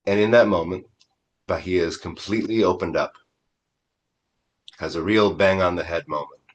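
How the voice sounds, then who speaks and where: A man, a Zen priest, giving a dharma talk by retelling an old story in a conversational, animated way. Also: sits low, normal speed, breathy edge.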